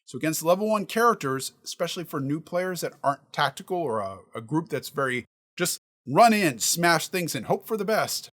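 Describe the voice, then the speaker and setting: A man's voice: a little high, expressive, normal speed, a bit bright. A man who runs tabletop games, talking casually through how he prepares, reasoning aloud with examples. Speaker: dungeon master giving prep advice. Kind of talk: casual instructional talk.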